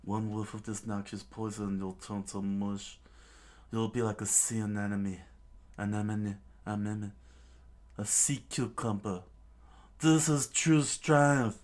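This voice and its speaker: A man voicing a ruthless, boastful male pirate captain who makes loud, domineering threats. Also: fairly low pitch, completely flat delivery, a little slow, lightly acted. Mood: gloating.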